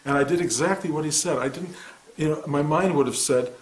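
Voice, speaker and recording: A man in his sixties, a meditation teacher, giving a soft-spoken, reflective spiritual talk in answer to a student. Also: a little high, a little fast. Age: 60s. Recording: echoey room.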